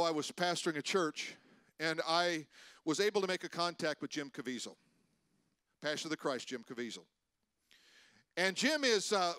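Pastor guy preaching, higher voice, smooth and clear, dry close sound, drops to hushed bits then gets loud. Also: no room sound. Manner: storytelling, swings between loud preaching and hushed asides. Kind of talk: sermon. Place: church sanctuary.

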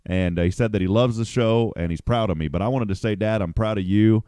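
Upbeat male morning radio host, lowish pitch, dry close-miked sound. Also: a little fast, dark tone, clean tone, no room sound. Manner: upbeat, chatty, greets listeners by name. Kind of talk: casual morning show chat.

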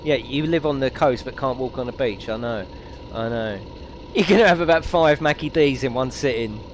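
A man streaming a driving game, chatting excitedly with viewers and reading out their comments. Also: normal speed, slight background noise. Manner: chatty and excitable, reads out chat, lively pitch swings. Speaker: gaming streamer. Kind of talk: live let's-play commentary, chatting with viewers.

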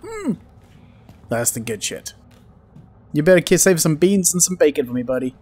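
A man's voice: fairly high pitch, animated, moderate pace, a little mellow, breathy edge, faint music behind. A man commentating his game playthrough, joking at the game and laughing often. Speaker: gaming channel host. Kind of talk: let's play commentary.

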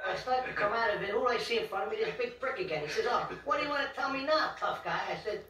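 Casting note: a swaggering, foul-mouthed gangster, volatile, high and sharp, heard from off in an echoey room. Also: male voice, expressive, very fast, a little hiss or hum. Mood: boisterous. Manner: swaggering, profane, turns menacing. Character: volatile, quick-tempered male gangster storyteller. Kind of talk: film drama dialogue. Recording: roomy, distant film soundtrack.

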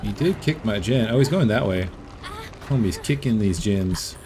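A man giving relaxed, casual commentary while playing a game, muttering asides to himself. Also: lowish voice, moderate pace, noisy background. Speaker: gameplay commentator.

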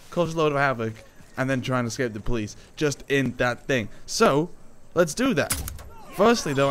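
A man giving excitable, jokey let's play commentary and talking back to game characters. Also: mid-range voice. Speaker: gaming YouTuber. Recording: game sound effects and vehicle noise behind.

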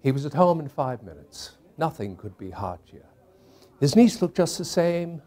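A man narrating a classic holiday tale in a theatrical, expressive storytelling style. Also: a little high, normal speed. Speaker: actor and narrator.

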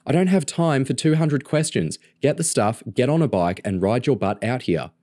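A man's voice: lowish voice, brisk, dark tone, no room sound, clean studio sound, close to an everyday voice. A man voicing a bossy, determined teenage girl agent who talks in urgent, clipped commands.

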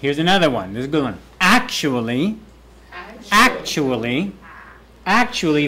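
A man's voice: fairly high pitch, very animated, a little slow, pauses often, sharp tone, slight background noise. A man teaching a university English class, repeating key words aloud and joking with students. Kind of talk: classroom lecture.

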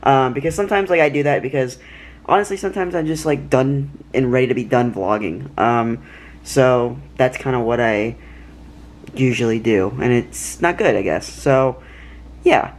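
A man's voice: mid-range voice, normal speed. Tired young man rambling to camera. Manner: rambling, many fillers and restarts. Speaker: vlogger. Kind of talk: casual chat to camera. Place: at home at night.

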